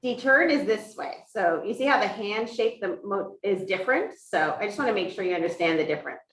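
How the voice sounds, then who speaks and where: Brisk, with lively intonation and a fairly bright tone, a woman's mid-range voice carries a sign language lesson she's interpreting for a teacher in the first person, explaining each step in turn. The hybrid in-person and online classroom sounds echoey, recorded from far off.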